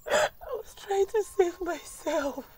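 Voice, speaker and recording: A guilt-stricken mother and wife with a Nigerian English accent, pleading through tears for forgiveness. Her voice sits very high and her words come slowly and brokenly. A faint noise hangs behind her in this film drama. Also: a little mellow. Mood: tearful begging. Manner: tearful pleading. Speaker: actress.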